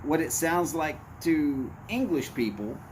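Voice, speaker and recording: A man's voice: fairly high pitch, lively intonation, measured pace, slight background noise. A man hosting a casual livestream, chatting with viewers in meandering asides, with a tone others hear as angry. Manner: blunt, talks in meandering asides. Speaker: livestream host reading chat. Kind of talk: casual rambling chat.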